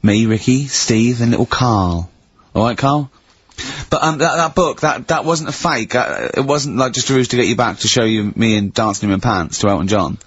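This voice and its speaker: A man's voice: mid-range voice, moderate pace, husky. A man co-hosting a radio show, telling teasing stories in casual studio banter and laughing often. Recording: dull lo-fi radio recording.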